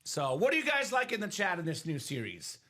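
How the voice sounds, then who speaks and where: A man's voice: high-pitched, a little fast. A man hosting a live trading card break stream, chatting with his co-host and explaining the rules to viewers. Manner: animated, explains rules to chat. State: coughing, losing his voice. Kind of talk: live stream sales chat.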